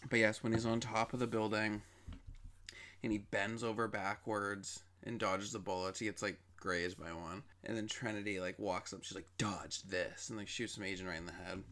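Young adult male, casual enthusiastic reviewer, slightly low voice. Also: little pitch movement, moderate pace, a bit bright. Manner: chatty and enthusiastic, with many fillers. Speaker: movie reviewer.

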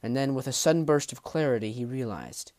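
A man narrating a fantasy audiobook in a measured, dramatic way, dropping low at the ends of phrases. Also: a little mellow. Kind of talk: storybook narration.

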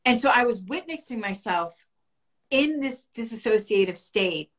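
A woman's voice: expressive, fairly bright tone. A woman earnestly and reflectively telling a personal story as a guest in a conversation. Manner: earnest and reflective, rising high and fast when reliving panic.

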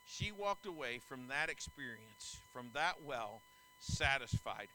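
A middle-aged man preaching a sermon, emphatic and animated, with folksy asides and stories. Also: medium pitch, a little slow, slight background noise, rough recording. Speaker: pastor. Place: church sanctuary.

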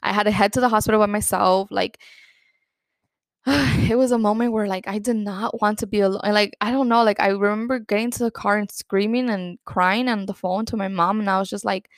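A woman's voice: mid-range voice, fairly even intonation, fairly quick, dry recording. A young woman hosting a podcast, telling her own story in a candid, rambling way with lots of "like" and a few Spanish words. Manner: candid, rambling, heavy use of "like". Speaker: podcast host. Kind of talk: personal storytelling monologue.

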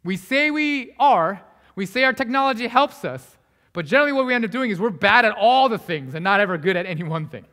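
A young male pastor with a high, light voice preaches a casual, conversational sermon. He acts out the people in his story and often drops to quiet asides. His voice rings through a hall with a long reverb. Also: expressive, fairly quick.

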